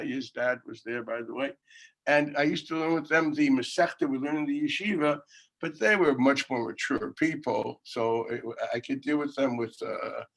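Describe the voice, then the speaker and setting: A middle-aged man, a yeshiva rabbi, teaching an informal Talmud class. He tells a story between points, laughing and shouting out quotes, and speaks over a video call. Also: mid-range voice.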